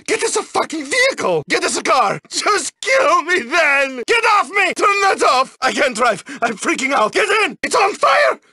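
Frantic cursing passenger, high, shouting, dry studio read. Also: male voice, sing-song, normal speed, hardly any pauses, no echo, exaggerated voice. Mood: panicked. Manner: frantic yelling, swearing. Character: panicking male passenger in a car chase. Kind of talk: video game character dialogue.

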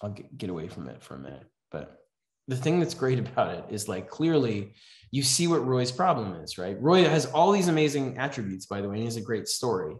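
A man's voice: mid-range voice, sing-song, brisk. A man teaching a writing class in a casual, conversational way, often checking in with "right?". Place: class in a house. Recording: echoey room.

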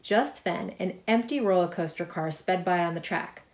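A middle-aged woman with a fairly low voice reads her picture book aloud to children. She is lively and chatty, breaking off to point out the pictures. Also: normal speed. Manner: lively reading, chatty asides about the pictures. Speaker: author reading her book. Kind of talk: storybook read-aloud.

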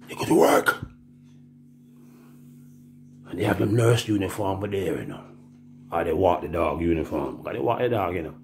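A man's voice: deep voice, expressive, fast talker, creaky, darkish tone, slight background noise. A man with a Jamaican accent, telling rambling, profane stories in casual talk and acting out the voices he quotes.

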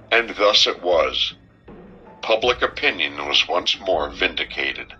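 A man reading a crime story aloud in a measured, scripted narration. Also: low-pitched, animated, sharp tone, breathy edge. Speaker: audiobook narrator. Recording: dull, muffled recording with faint music.

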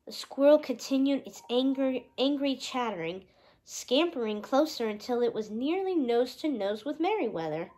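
A woman reading a children's storybook aloud in a gentle, expressive way. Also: sits high, normal speed, rough recording.

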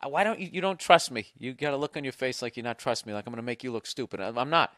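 A man hosting a low-budget podcast, reading listener letters aloud with rambling, profane, wry asides. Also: very fast, a bit bright, dry recording. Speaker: podcast host. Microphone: single podcast microphone. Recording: dry close-miked sound.

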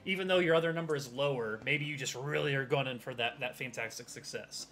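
A man's voice: mid-range voice, fast, a bit bright, faint music behind. A man narrating as game master for a tabletop game, rambling loosely with hedges.

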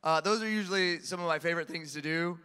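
A man on a convention panel, telling animated stories and laughing often as he answers questions. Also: fairly high pitch, fast, smooth. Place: large convention hall. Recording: echoey hall reverb.

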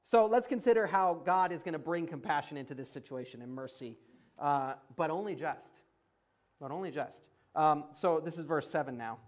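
High-voiced preacher, chatty and laughing. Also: male voice, expressive, normal speed. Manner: conversational, laughs often, emphatic asides. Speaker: pastor. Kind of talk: sermon. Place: church.

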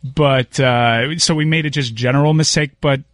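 Deadpan hesitant radio co-host man. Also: medium pitch, moderate pace. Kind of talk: casual sports radio banter.

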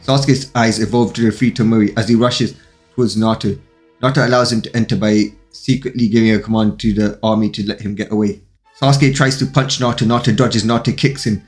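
A man's voice: fairly low pitch, steady tone, quick pace. A man narrating a fan-fiction story in a plain, run-on reading with occasional slips. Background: faint music.

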